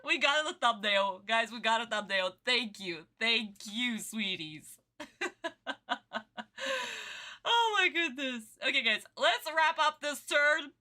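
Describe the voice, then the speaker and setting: Bubbly woman streamer, high, bright voice, swoops up and down, laughs a lot. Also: sing-song, slow. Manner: gushing, laughing, greets chat with pet names. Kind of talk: live reaction stream chat.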